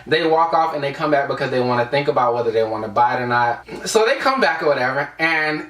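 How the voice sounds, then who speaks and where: A man's voice: mid-range voice, animated, fast, fairly bright tone, distant mic. A young man from the United States telling a casual storytime vlog, rambling with lots of fillers. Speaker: vlogger. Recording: echoey room, away from the mic.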